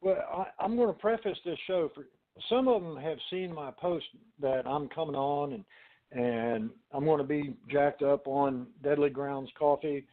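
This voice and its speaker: A man's voice: on the high side, normal speed. A man guesting on a talk radio show by phone, joking in a folksy, profane way. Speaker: guest medium. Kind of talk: casual talk radio chat. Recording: tinny phone-line audio.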